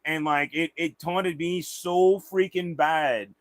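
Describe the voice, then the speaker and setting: A man's voice: fairly high pitch, steady tone, slow. A man hosting a livestream in casual chat, rambling and swearing freely. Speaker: livestream host.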